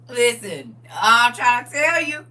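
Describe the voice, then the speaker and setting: A woman hosting a casual livestream, reading viewer comments aloud and preaching in a lively way with frequent laughs. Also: on the high side, slow pace, far from the mic. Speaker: livestream host.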